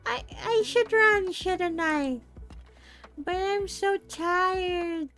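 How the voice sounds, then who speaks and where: A woman voicing a tiny, starving baby mouse that stammers and pleads in a squeaky, very high voice. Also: extremely slow, a bit bright, faint music behind, full character voice. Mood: pitiful.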